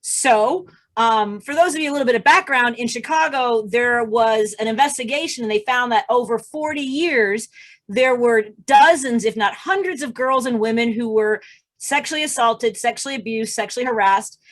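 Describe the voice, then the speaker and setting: A high-voiced woman tells a comic story over a video call, acting out each quote and breaking into laughs. Her delivery is lively and conversational. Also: moderate pace. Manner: animated, acts out quotes, laughs often. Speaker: comedian. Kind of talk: stand-up storytelling.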